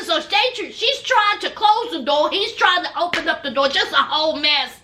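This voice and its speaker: A woman's voice: extremely high pitch, normal speed, hardly any pauses, noisy background. A woman recapping a reality show, acting out both sides of each scene and adding sassy asides. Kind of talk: casual episode recap and commentary.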